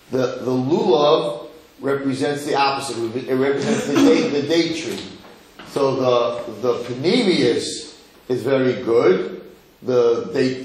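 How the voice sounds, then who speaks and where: Animated rabbi in an echoing hall. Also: male voice, medium pitch. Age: middle-aged. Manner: animated, repeats phrases, asks the audience. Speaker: rabbi teaching a class. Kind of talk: Torah lecture to a live audience. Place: lecture hall with audience. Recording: echoey hall.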